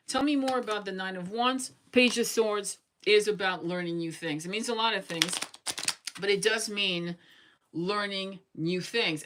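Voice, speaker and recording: A woman's voice: medium pitch, bright, forceful tone, rough recording. A woman giving a casual tarot reading, blunt and chatty, swearing freely as she goes through the cards. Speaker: tarot reader.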